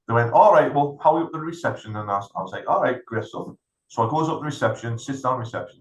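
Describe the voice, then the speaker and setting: A middle-aged man tells a long anecdote as co-host of a podcast, acting out the people in it. His voice sits at an ordinary male pitch. The room around him adds a roomy echo. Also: rapid-fire. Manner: animated anecdote-telling, acts out other people's lines. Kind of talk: casual storytelling.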